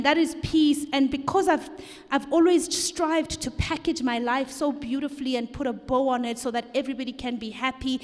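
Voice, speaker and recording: Candid woman in echoing hall. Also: sits high. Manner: open, self-deprecating, repeats phrases. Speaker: speaker at book launch. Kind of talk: candid personal reflection. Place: live event hall.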